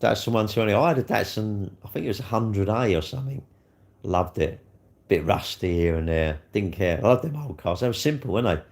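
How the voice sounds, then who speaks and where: A man's voice: on the low side, lively intonation, brisk, darkish tone. A middle-aged man, rambling casually on a live stream, swearing freely and answering viewer comments. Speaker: livestreamer.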